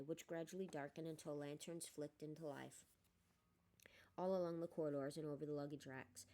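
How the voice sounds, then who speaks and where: A woman reading a novel aloud in steady narration, with occasional small slips and restarts. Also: deep voice. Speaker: audiobook reader. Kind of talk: storybook narration.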